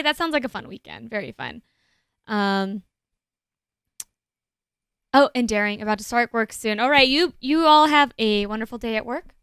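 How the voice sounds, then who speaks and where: A woman's voice: a little high, measured pace, pauses often, fairly bright tone, clean tone, no echo, studio quality. A young woman with a West Coast US accent, chatting casually with viewers while streaming a game, rambling with frequent restarts.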